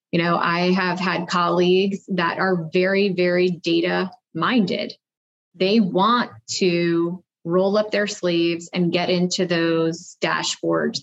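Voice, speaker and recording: A woman's voice: fairly low pitch, vocal fry. A woman guest on an interview podcast, a marketing executive, answering in an upbeat, conversational way and thinking aloud with fillers, on a dull lo-fi remote recording.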